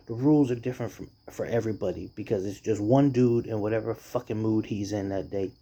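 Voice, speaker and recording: A man's voice: on the low side, fast, dark tone, husky. A man ranting casually and profanely about his boss and job, telling stories with mocking impressions of the people involved. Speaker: podcast or vlog host venting about work. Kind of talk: casual rant.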